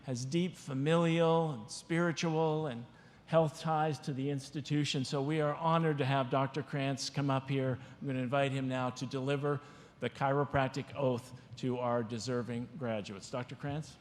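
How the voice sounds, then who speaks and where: A man presenting at a graduation ceremony, formally introducing the next speaker in a measured way. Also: mid-range voice, steady tone. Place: large ceremony hall. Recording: long echo of a large hall.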